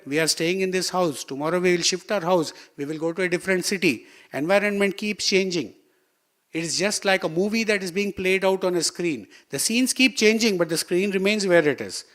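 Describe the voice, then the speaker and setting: A man's voice: sits high, fairly bright tone. A man with an Indian accent giving a spiritual talk full of anecdotes, acting out the dialogue as he tells his stories. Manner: storytelling, acts out quoted dialogue. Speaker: guest speaker at a devotional meeting.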